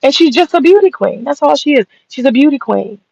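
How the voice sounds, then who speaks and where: Her high, gravelly voice is a little mellow yet animated and fairly quick as she mocks and curses her way through an opinion rant. She's a sassy Southern American commentator, captured in dull, dry lo-fi audio.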